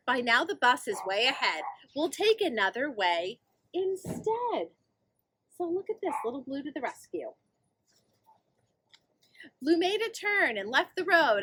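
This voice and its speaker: A woman reading a picture book aloud for children, singsong and animated, often asking her young listeners questions. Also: high-pitched, a little slow, pauses often. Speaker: children's librarian. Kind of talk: storytime read-aloud.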